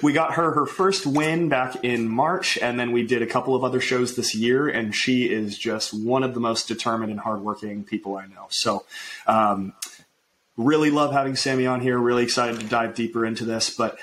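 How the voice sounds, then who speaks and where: A young man hosting a podcast and coaching his guest, relaxed and affirming, with frequent "um" and "yeah". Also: medium pitch, moderate pace, slight background noise, poor audio. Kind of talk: casual interview chat.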